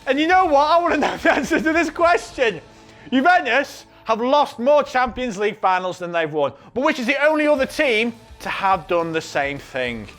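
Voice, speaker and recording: A man reading out quiz questions in an over-the-top excitable, sarcastic way. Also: very high voice, normal speed, soft background music.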